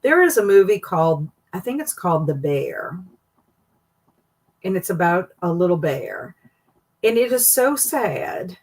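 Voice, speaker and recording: Woman, livestream host, casual chat, slightly low voice, warm and chatty, excited high greetings. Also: a little slow, long pauses. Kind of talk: casual livestream chat, reading viewer comments.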